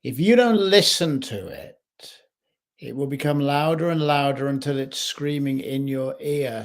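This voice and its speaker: A man speaking as a life coach in a slow, measured reflective talk, recorded in his home kitchen. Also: mid-range voice, animated.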